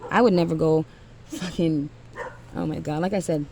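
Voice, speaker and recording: A woman's voice: sits low, normal speed, a little mellow, a little hiss or hum. A woman giving a blunt, profane motivational rant to single mothers, emphatic and often trailing off with sighs.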